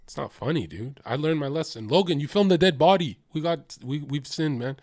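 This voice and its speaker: A young man gives livestream reaction commentary, his voice sitting a little high and swinging widely in pitch. He jokes constantly, swears freely and leaps into loud mimicking bursts. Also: animated, a little fast, no echo, studio quality. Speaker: streamer.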